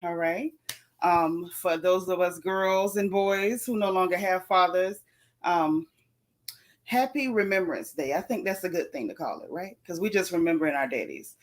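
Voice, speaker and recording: A woman from Florida, hosting a casual livestream and talking fast and sassily to her viewers. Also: fairly low pitch. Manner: fast, sassy, talks straight to viewers. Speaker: livestream host.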